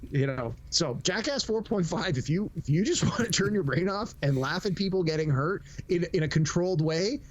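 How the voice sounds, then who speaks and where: A middle-aged man co-hosts a casual podcast with a voice sitting a little high for a man. He tells stories with energy and slips into quick impressions of the people he quotes. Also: lo-fi sound. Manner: animated storyteller, acts out quotes. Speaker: podcast co-host. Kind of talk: casual chat.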